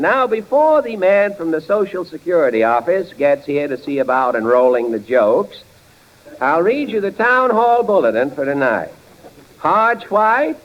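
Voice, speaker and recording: A man hosting a 1930s radio comedy show, cracking dry jokes in a drawling patter. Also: fairly high pitch. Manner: dry wisecracking delivery, slow and drawling. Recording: dull 1930s radio broadcast with faint hiss.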